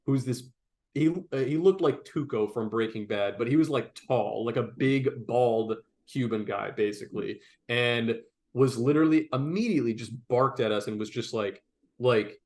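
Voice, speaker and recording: A young man, podcast co-host, telling a story in casual chat, animated and profane, full of "like" fillers. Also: medium pitch, moderate pace.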